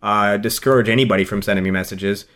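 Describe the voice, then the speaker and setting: A man's voice: lowish voice, fairly even intonation, fast talker, fairly bright tone. Rambling, heartfelt male podcast host. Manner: emotional, rambling, restarts often. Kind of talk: casual podcast chat.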